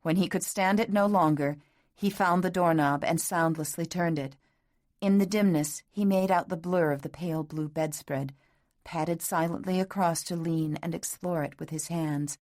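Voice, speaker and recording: Lower-voiced woman narrating a romance audiobook. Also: steady tone, normal speed, a little mellow. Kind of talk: scripted narration.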